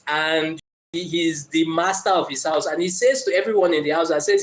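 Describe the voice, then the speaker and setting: A man's voice: fairly high pitch, normal speed. A man preaching an evening sermon, telling a story with acted-out quotes and emphatic repetition.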